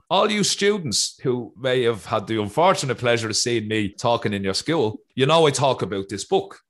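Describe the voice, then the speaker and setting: A man with an Irish accent, hosting an interview over a video call with lively enthusiasm. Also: mid-range voice, moderate pace, hardly any pauses, slight background noise. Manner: animated, enthusiastic. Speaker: host.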